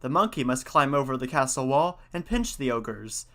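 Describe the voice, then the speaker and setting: Man playing a bold young storybook hero, bright and rallying. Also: medium pitch, very animated, normal speed. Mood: commanding.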